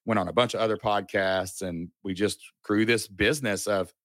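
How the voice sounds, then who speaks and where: A man in his thirties from Kentucky telling his story as a podcast guest, with lively asides and fillers. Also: fairly low pitch, normal speed, no room sound, clean studio sound. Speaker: guest entrepreneur. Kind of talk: casual storytelling interview.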